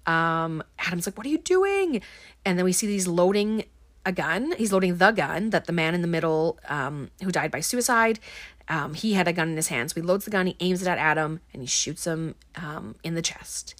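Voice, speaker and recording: A woman's voice: on the low side, fairly quick, a bit bright, no echo. A woman recapping a film in a casual, rambling way, with plenty of ums and likes. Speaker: podcast host recapping a film.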